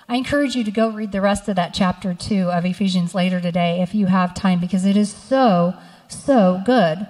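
A woman's voice: medium pitch, normal speed. A middle-aged woman pastor giving a sermon, telling personal stories and reading scripture aloud. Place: church sanctuary. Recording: church hall reverb.

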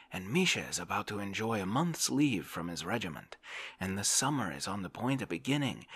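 A man's voice: fairly low pitch, sharp tone, slightly rough, dry recording, pitched above the performer's own voice, exaggerated voice. A man voicing a busy, chatty young male socialite in a whispered role-play, eagerly listing his plans.

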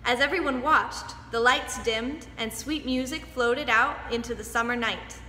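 A young woman dance teacher reading a storybook aloud to children, lively and expressive. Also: a little high, unhurried, slight background noise. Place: dance studio. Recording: echoey studio hall, faint music.

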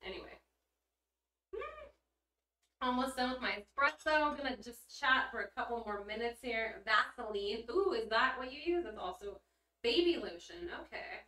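Woman streamer, crisp bright tone, giggly and blunt, roomy off-mic sound. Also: a little high, very animated, moderate pace. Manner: bubbly, giggly, blunt, swears casually. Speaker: livestreamer reading chat. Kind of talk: casual livestream chat. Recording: roomy echo, mic at a distance.

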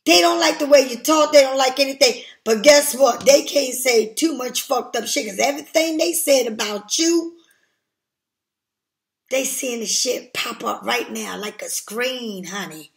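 Blunt, cursing older woman, high voice. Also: a little slow, vocal fry. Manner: blunt, profane and emphatic. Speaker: tarot reader. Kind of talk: casual tarot reading monologue.

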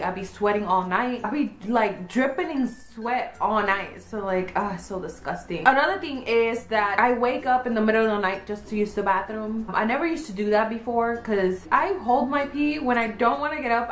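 A young woman vlogger chatting candidly and at length to her viewers in a casual, slangy way. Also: fairly high pitch. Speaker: beauty vlogger. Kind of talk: casual chat. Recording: echoey room.

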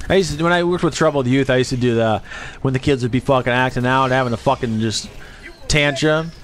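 A man in his thirties live-streaming a game, rambling and swearing casually, and jumping into high squeaky voices when he quotes people. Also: fast. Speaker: livestreamer. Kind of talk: rambling casual chat while gaming.

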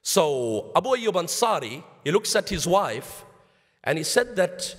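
A man's voice: high-pitched, big pitch swings, a little slow. A man giving a sermon in a mosque with a South African accent, telling stories and addressing listeners as brothers while mixing in Arabic phrases. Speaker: Islamic lecturer. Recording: long reverb of a mosque hall.

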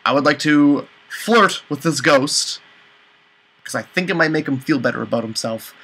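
A man commentating a let's play, exasperated, with high panicked outbursts and swearing. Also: lively intonation, normal speed, pushed and bright, slightly rough, poor audio. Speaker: gaming channel host.

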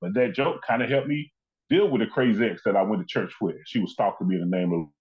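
A muffled recording captures a comedian and actor with a lowish voice and a quick pace. As an interview guest, he tells stories animatedly, acting out the people he quotes.

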